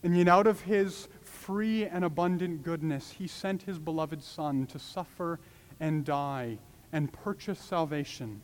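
A man's voice: a little high, unhurried, long reverb tail. A man preaching a sermon, pleading with passion and rising to urgent cries.

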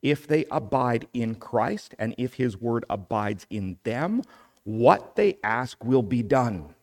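A male pastor delivering a sermon at a slow, unhurried pace, with a voice of ordinary middle pitch. He speaks deliberately and rises into emphatic force when he reads passages aloud. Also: lively intonation, darkish tone.

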